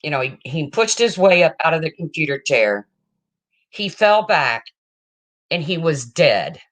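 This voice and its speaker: A woman's voice: sits low, expressive, unhurried. A woman vlogger telling a personal story in a frank, emotional way, swearing casually and often checking in with "okay?".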